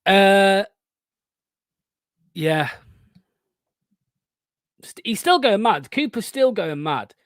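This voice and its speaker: A man, hosting a fan watchalong stream and giving excitable, sweary live match commentary. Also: high voice, very slow, pauses often, dry recording.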